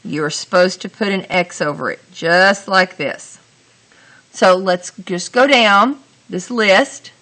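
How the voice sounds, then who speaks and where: A woman teacher explaining grammar step by step, talking through each sentence deliberately and asking the class questions. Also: medium pitch, a bit bright. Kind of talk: grammar lesson.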